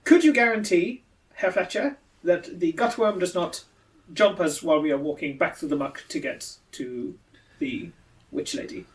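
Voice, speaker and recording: Man doing a high-pitched sweary adventurer, lively swoops, off-mic. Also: normal speed, far from the mic, low-quality recording. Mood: blunt. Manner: blunt, swearing. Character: blunt, sweary male adventurer.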